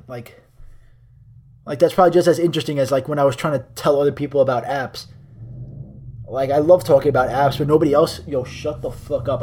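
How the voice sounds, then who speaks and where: A man's voice: mid-range voice, darkish tone. A young man hosting a solo podcast, reading articles aloud and ranting about them in a profane, sarcastic way. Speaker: podcast host.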